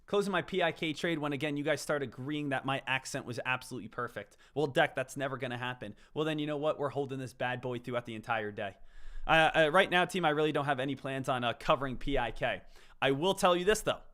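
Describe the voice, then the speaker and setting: A man's voice: medium pitch, quick pace, a bit bright. A man hosting a live trading stream, chatting casually and answering his viewers, often repeating the word "again.".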